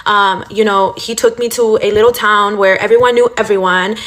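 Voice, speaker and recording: A woman's voice: mid-range voice, steady tone, normal speed, fairly bright tone. A young woman telling a casual storytime rant, blunt and profane, full of fillers like "like" and "you know". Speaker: storytime vlogger.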